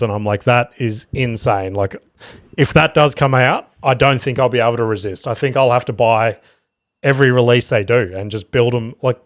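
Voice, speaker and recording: A man's voice: medium pitch, dry recording, clean studio sound. A man hosting a solo podcast, chatting casually and swearing freely as he rambles through stories. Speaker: podcast host and stand-up comedian.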